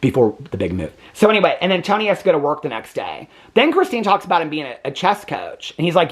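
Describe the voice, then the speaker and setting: A man's voice: sing-song, fast talker, hardly any pauses. Chatty sarcastic man recapping TV. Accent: Midwestern American. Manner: chatty, sarcastic, laughs often, acts out quotes in high mocking voices. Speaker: TV recap host. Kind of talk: casual reaction recap.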